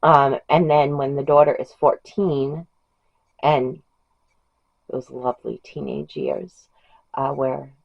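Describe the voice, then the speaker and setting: A woman's voice: rumbling low, flat delivery, slow pace, creaky, pauses often. A woman vlogger chatting about books in a rambling, gushing way. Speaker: book vlogger. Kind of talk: casual chat about books. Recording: dull lo-fi home recording.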